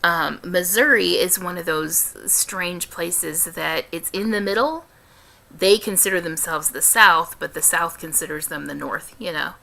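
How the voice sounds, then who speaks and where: A young adult woman with a light Midwestern American accent, answering questions in a casual vlog with careful, deliberate diction and frequent restarts. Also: lowish voice, gravelly, bright, forceful tone. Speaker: vlogger.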